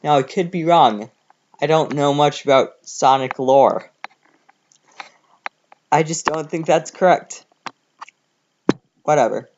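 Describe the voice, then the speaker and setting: A man's voice: on the high side, takes it slowly, pauses often, a little mellow. A man reading fan fiction aloud as a comedy host, commenting in a sarcastic, mocking way. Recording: slightly dull home recording with faint noise.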